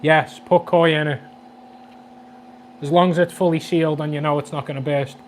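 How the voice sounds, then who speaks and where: A man in his twenties with a Scouse accent, chatting quickly and jokily on a livestream about his aquarium, reading out viewer comments. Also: on the high side, fairly even intonation, a little hiss or hum. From Liverpool, England. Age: 20s. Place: flat at home.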